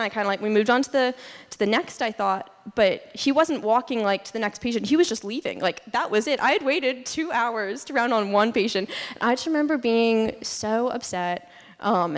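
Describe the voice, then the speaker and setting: A woman's voice: on the high side, animated, normal speed, hardly any pauses. A young woman giving a casual student presentation, chatty with many fillers and frequent laughs. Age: young adult. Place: lecture hall. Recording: long reverb in a hall.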